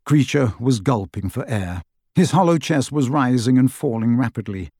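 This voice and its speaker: A male audiobook narrator with a mid-range voice reading in a measured, even storytelling manner. The recording is close and dry, with no room sound. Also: medium pitch, no room sound. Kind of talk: scripted narration.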